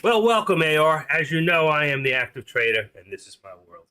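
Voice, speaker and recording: Um homem na casa dos sessenta anos, apresentador de uma transmissão ao vivo, fala de forma solta e opinativa. A voz é clara e brilhante. Ele pula de histórias pessoais para números do mercado. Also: male voice, fairly high pitch, big pitch swings, fairly quick, sharp tone, slight background noise. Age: 60s. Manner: chatty, opinionated, jumps between stories and market numbers. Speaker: live stream host. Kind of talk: rambling live-stream chat.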